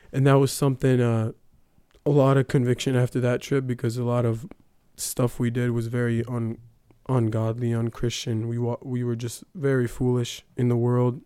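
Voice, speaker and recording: A man's voice: mid-range voice, mellow, clear, resonant tone, no room sound, studio quality. A young man giving a casual personal testimony, telling his story with lots of fillers like "um" and "like". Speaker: testimony speaker.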